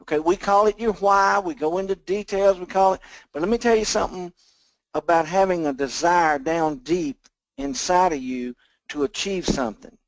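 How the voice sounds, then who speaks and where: High-voiced man giving a motivational pep talk. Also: moderate pace, no room sound, rough recording. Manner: preachy, repetitive, folksy motivational delivery. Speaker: team leader on a sales call. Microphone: phone or conference call line.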